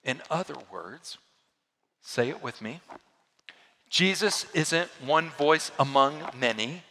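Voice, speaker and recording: Animated male pastor preaching in a hall. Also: takes it slowly. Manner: dynamic preaching, swinging from loud emphasis to hushed lows. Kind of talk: sermon.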